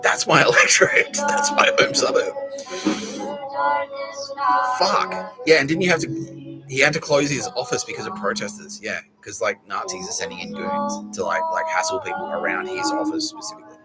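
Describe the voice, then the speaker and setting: Sweary, animated Australian bloke with music behind. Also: male voice, on the high side, moderate pace, poor audio. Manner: sweary, animated, laughing, slangy. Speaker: podcast host. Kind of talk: rambling casual monologue.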